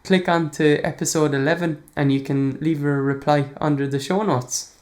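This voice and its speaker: An Irish man hosting a language podcast. He answers listener questions in a casual, relaxed way, chuckling often and pausing on fillers. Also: fairly high pitch. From Ireland. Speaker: podcast host.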